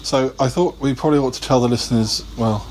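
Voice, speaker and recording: A man co-hosting a podcast in casual chat, jokey and quick to laugh, riffing on silly ideas. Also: mid-range voice, very noisy. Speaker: podcast co-host.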